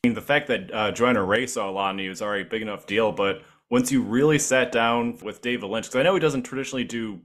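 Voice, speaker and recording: A man's voice: lowish voice, fast talker, few pauses, fairly bright tone. Man asking long, rambling questions. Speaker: podcast host. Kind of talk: casual interview questions.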